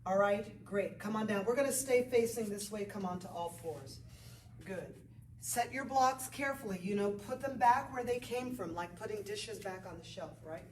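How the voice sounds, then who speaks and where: A woman's voice: mid-range voice, animated, normal speed, reverberant, distant mic, slight background noise, poor audio. A woman yoga instructor leading a beginner class, counting out breaths and moves and adding encouraging asides.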